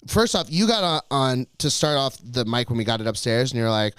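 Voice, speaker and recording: A man co-hosting a podcast, telling a story in a casual and animated way, swearing a lot and putting on other people's voices in quotes. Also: medium pitch, brisk, clear, resonant tone, dry recording. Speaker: podcast co-host.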